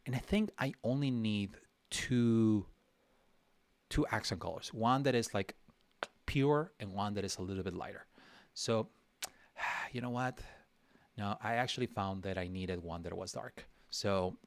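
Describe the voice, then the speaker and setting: A man's voice: lowish voice, no room sound. A man teaching a live drawing session in a casual way, thinking aloud, talking to himself and mocking himself playfully as he works. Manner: thinks aloud while working, talks to himself; chatty with frequent restarts and fillers. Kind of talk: casual livestream tutorial.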